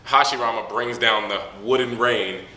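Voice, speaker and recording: A man's voice: medium pitch, moderate pace, sharp tone. A man casually reviewing a manga chapter on a camera mic, rambling with profane, laughing asides. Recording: echoey room, faint noise.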